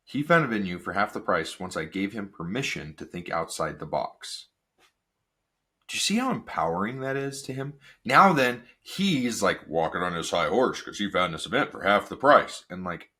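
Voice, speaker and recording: A man hosting a casual solo podcast, energetic and full of rhetorical questions. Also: fairly low pitch, breathy edge. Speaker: podcast host.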